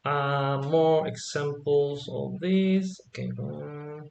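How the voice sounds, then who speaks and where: Slow, patient man teaching in an echoey room. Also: on the high side, fairly even intonation, gravelly, darkish tone, slight background noise. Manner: slow, patient explaining with frequent um and yeah?. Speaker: Spanish teacher. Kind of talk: online language lesson.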